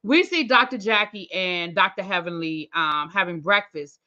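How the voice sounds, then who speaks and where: Chatty woman reviewer, bright lo-fi voice. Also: fairly low pitch, lively intonation, moderate pace. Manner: chatty, thinks aloud, talks to viewers. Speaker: TV review host. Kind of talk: casual recap chat.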